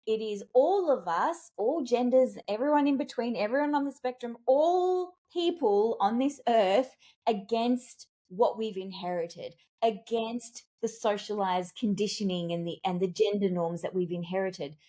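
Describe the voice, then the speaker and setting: A woman speaking as a communications expert and executive coach in a podcast interview, telling stories in an animated, emphatic way with big leaps in pitch. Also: unhurried. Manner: animated, emphatic storytelling with wide pitch jumps.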